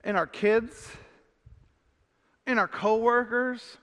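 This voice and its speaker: A man's voice: extremely high pitch, steady tone, takes it slowly, fairly bright tone. A man preaching a sermon as pastor, emphatic, repeating phrases and crying out in frustration. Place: church hall. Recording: long hall reverb.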